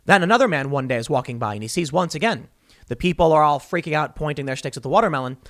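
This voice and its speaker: Opinionated man with a lively voice. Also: on the high side, quick pace, no echo, clean studio sound. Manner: opinionated, rambling, frequent restarts and asides. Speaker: political commentary host. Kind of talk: solo political commentary.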